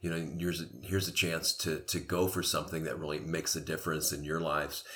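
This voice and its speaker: A man's voice: very deep voice, level tone, brisk, pushed and bright. A man hosting a podcast conversation who muses reflectively and meanders through his points. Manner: meandering, reflective, with many restarts.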